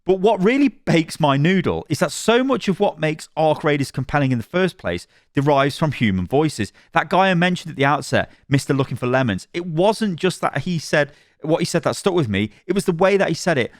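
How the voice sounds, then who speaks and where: A man commenting on games, reacting to a review he reads aloud, animated and rambling, with frequent laughs and restarts. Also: a little high, a little fast, few pauses, no echo, studio quality. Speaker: gaming commentator.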